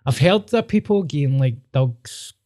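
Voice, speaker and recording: A man's voice: a little high, lively intonation, unhurried, warm tone. A man with a Scottish accent co-hosting a podcast, trading sweary, laughing banter in casual chat. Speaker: podcast co-host.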